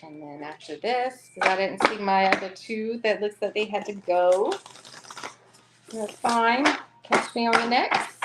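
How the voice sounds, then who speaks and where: Slow-talking Southern woman reading tarot. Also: medium pitch, very noisy. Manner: chatty, laughs often. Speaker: tarot reader. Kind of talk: live-streamed tarot reading.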